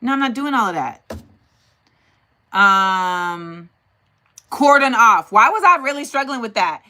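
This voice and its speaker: A woman's voice: a little high, lively intonation, measured pace, sharp tone. A woman hosting a casual livestream, thinking aloud and talking directly to her chat. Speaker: host.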